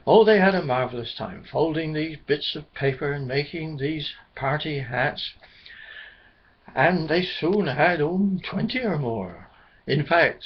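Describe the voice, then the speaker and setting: A man telling a children's story in a gentle, chuckling storybook manner. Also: on the high side, husky. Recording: dull lo-fi recording.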